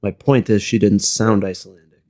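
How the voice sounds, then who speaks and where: A man's voice: fairly low pitch, fairly even intonation, normal speed, a little mellow. A man debating casually, blunt and dismissive, pressing the same point again and again. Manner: blunt, dismissive, keeps repeating his point.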